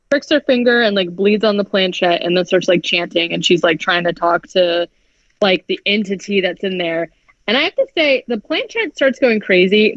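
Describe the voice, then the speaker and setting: A woman's voice: mid-range voice, no echo. A woman on a podcast runs through a film's plot in loose, rambling chat, full of "like" and swearing. Her mid-range voice is heard dry and close, with no room around it. The audio is slightly dull and lo-fi. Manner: chatty, heavy "like" filler, frequent swearing. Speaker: podcast co-host. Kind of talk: casual movie recap chat.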